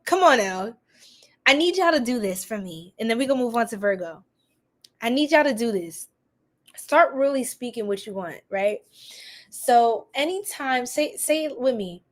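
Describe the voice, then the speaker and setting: A woman hosts a tarot livestream. She laughs often, teases her chat and shifts into slow affirmations for viewers to repeat. Her pitch swings widely from line to line. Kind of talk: casual livestream reading with chat replies.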